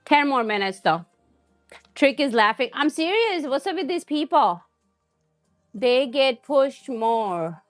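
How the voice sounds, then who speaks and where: A woman's voice: high voice, very animated, slow pace, soft background music. A woman hosting a cooking live stream, chatting casually and answering viewer comments with frequent laughs. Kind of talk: casual chat while cooking.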